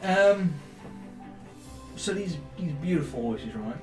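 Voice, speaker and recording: A man's voice: fairly high pitch, animated, slow. A man with a Dutch accent playing a tabletop game, playful and teasing. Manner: playful, teasing, laughs often. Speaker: player. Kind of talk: casual tabletop role-play chat. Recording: echoey room, faint music.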